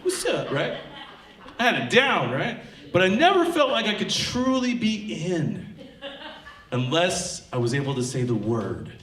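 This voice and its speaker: A man's voice: high voice, measured pace. A stand-up comedian in his thirties from Tacoma, telling stories on a theatre stage and acting out the voices of the people in them. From Tacoma, Washington. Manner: animated storytelling, acting out quoted voices. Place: theatre stage with live audience. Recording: echoey theatre with audience laughter.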